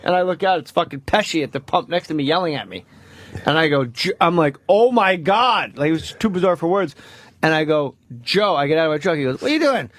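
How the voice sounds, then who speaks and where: A male comedian guest on a radio show, telling profane, animated stories in casual talk. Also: a little high, quick pace. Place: radio studio. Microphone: studio microphone.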